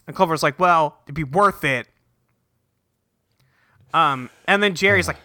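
A man hosting a casual podcast, recapping a cartoon episode, swearing freely and acting out the characters in quick voices. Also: sits high, bright, forceful tone, no room sound, clean studio sound. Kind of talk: casual chat.

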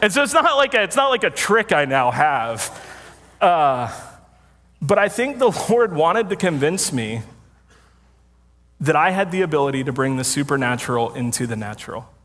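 A pastor's fairly high, bright voice comes through very animated at a moderate pace as he preaches. He shares a story in a relaxed, self-deprecating way and laughs often, and the church sanctuary with its congregation produces a long hall reverb.

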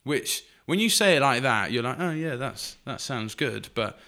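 A man's voice: mid-range voice, lively intonation, normal speed, pushed and bright. A man co-hosting a faith podcast, explaining earnestly with frequent fillers. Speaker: podcast co-host.

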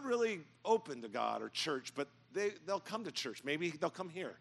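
A middle-aged man preaching a sermon in a church, telling stories and building to loud, emphatic points. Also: a little high, very animated, normal speed, vocal fry, hardly any pauses. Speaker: pastor. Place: church sanctuary.

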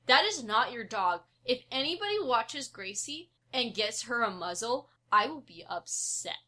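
A woman co-hosting a relaxed film chat, her bright, sharp voice full of "like" and quick outraged bursts. She talks about dogs with real enthusiasm. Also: fairly high pitch. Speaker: podcast co-host. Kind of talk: casual movie discussion.

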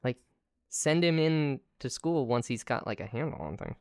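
A woman co-hosting a podcast in casual chat, joking and crude with quick asides. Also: rumbling low, lively intonation, a little mellow, no echo, studio quality. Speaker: podcast co-host.

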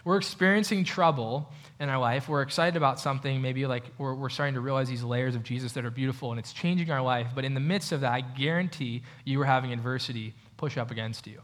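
A man's voice: mid-range voice, fast talker, few pauses, fairly bright tone. A man preaching a sermon in a church, talking conversationally and asking the audience questions. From United States. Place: church hall with a projector.

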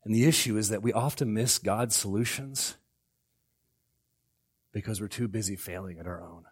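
A middle-aged man preaching a sermon as pastor, swinging between loud outbursts and hushed lines. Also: fairly low pitch, normal speed, pauses often, breathy edge.

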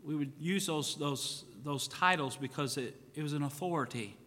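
A middle-aged male pastor preaching to his congregation, his voice higher than most men's and bright, edged with tension. He talks in a folksy, conversational way and acts out the voices of the people in his stories. A long church reverb hangs behind every phrase. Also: normal speed. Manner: folksy, repeats "you know what?", acts out quoted voices. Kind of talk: sermon.

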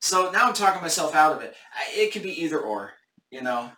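A man's voice: on the high side, sing-song, brisk, sharp tone, roomy sound, recorded from a distance. A man hosting a casual Bible study discussion live on camera, thinking aloud with hesitant restarts.

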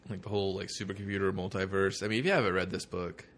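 A man's voice: sits low, steady tone, rapid-fire, a bit bright, slight background noise. A man co-hosting a comics podcast in loose, profane casual chat, often acting out quoted voices. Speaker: podcast co-host.

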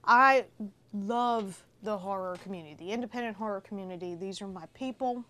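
Animated woman telling a story. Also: mid-range voice, brisk. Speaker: film festival organizer guest. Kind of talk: casual podcast chat, storytelling.

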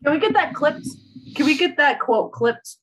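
A woman's voice: high-pitched, expressive, normal speed, a crowd in the background, low-quality recording. A woman co-hosting a podcast in casual chat, teasing and playful. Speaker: podcast co-host.

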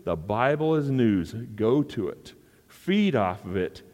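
A man's voice: mid-range voice, big pitch swings, slow, darkish tone. A male pastor preaching a sermon in an earnest manner and repeating phrases for emphasis. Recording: long hall reverb.

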